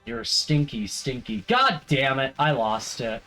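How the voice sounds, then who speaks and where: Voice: medium pitch, sing-song, a little slow, bright, forceful tone, soft background music, poor audio. A streamer giving playful, jokey commentary while playing a video game. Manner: playful, jokey asides and silly voices. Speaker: let's play streamer. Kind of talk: casual gameplay commentary.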